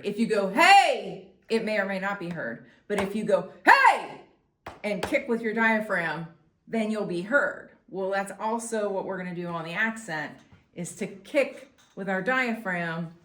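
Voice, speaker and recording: A woman's voice: mid-range voice, normal speed, a bit bright. Woman, flute teacher, patient explanations, echoey room, faint hiss. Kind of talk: instructional demonstration.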